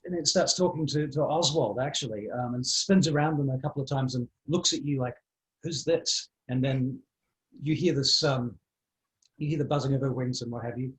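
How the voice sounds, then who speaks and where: A man's voice: mid-range voice, fairly quick, rough recording. A man running a tabletop game as dungeon master, narrating and thinking aloud with many fillers.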